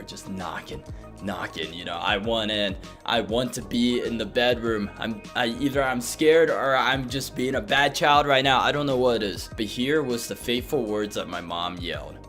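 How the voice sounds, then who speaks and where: A man in his twenties tells a funny childhood story in a casual, animated way. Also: moderate pace, soft background music. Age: 20s. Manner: animated, dips low and jumps high, laughs between bits. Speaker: vlogger.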